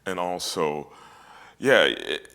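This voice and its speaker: Very deep-voiced man, reflective and halting. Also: big pitch swings, gravelly, pushed and bright. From United States. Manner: reflective, halting with many restarts. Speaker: opera singer, guest. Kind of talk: casual conversation.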